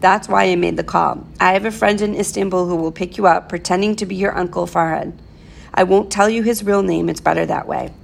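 A woman reading a calm, firm father. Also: lowish voice, creaky. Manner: measured, quietly firm. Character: calm, deliberate middle-aged father.

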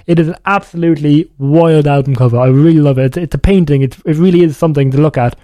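A young man hosts a music radio show, rambling and correcting himself as he chats casually. His voice sits a little high and sounds mellow. The studio sound is dry and close. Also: fairly even intonation, quick pace, no room sound. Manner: rambling, self-correcting, chatty. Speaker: radio DJ host.

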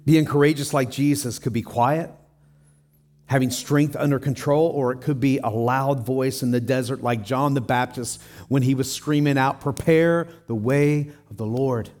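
A man's voice: mid-range voice, fairly even intonation, moderate pace, a little mellow. A man preaching a sermon as a pastor in church, earnest and emphatic, acting out scenes in quoted lines.

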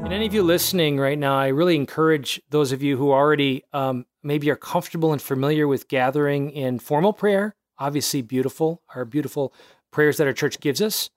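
A man's voice: fairly high pitch, brisk, no room sound, studio quality, faint music behind. A man hosting a podcast, talking earnestly and encouragingly in long winding sentences. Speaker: podcast host. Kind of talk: casual faith discussion.

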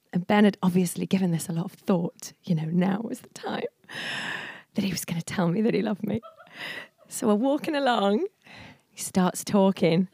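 A chatty woman in her forties gives a relaxed sermon, telling stories and laughing along the way. Her voice sits at a middle pitch and is caught dry and close, with no room echo. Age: 40s. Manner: chatty, laughing, many fillers. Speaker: church speaker. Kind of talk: informal storytelling sermon.

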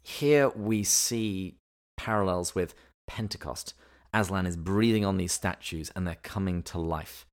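A man co-hosting a podcast, explaining literature and theology in a measured, lecturing way. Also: low voice. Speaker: podcast co-host.

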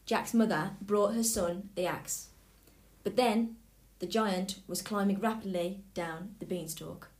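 Female narrator, mid-range voice, expressive fairy-tale reading. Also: mid-range voice, slow. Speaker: storybook reader.

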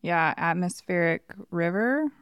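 Easygoing woman co-host, lively pitch. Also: measured pace, smooth, dry recording, clean studio sound. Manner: laughs often, easygoing. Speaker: podcast co-host. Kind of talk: casual chat.

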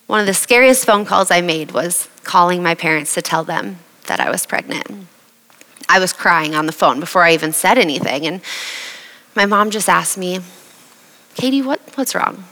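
A young woman from Iowa giving an earnest, emotional personal faith testimony at a slow, heartfelt pace. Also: lowish voice, bright, forceful tone, long reverb tail, poor audio. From Iowa, USA.

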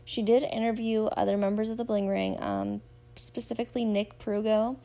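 A woman's voice: medium pitch, expressive, normal speed, mellow. A woman hosting a podcast, chatting casually and gushingly as she recaps a show and talks straight to her listeners. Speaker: podcast host.

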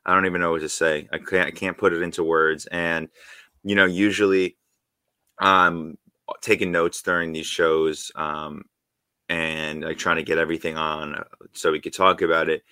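A man co-hosting a podcast in casual chat, excited and rambling with lots of fillers and restarts. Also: deep voice, normal speed, clear, resonant tone, no room sound, studio quality. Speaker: podcast co-host.

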